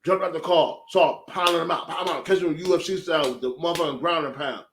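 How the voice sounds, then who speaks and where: A man giving a casual, animated, profane recap of a show, full of slang. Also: on the high side, fast talker, a little hiss or hum. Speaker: show reviewer.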